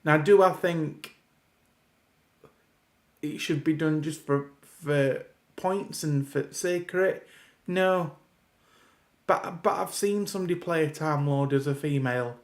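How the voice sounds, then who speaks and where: A man's voice: on the high side, unhurried, pauses often. A man giving a casual reaction review of a TV episode, ranting in an exasperated way and often restarting his sentences. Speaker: video reviewer.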